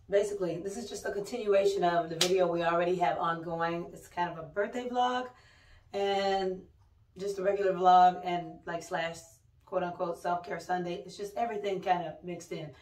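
A middle-aged woman, a mother and vlogger, telling stories in casual, chatty talk with lively exclamations. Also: on the low side, normal speed, slight background noise. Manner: chatty storytelling, exclaims "oh my God". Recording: roomy, mic a bit distant.

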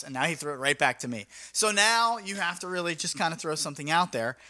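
A man's voice: fairly high pitch, animated, moderate pace, few pauses, bright, forceful tone. A young man, a mobile DJ, talking casually and energetically in a vlog, acting out his talks with clients in a slangy, upbeat way. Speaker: mobile DJ and vlogger.

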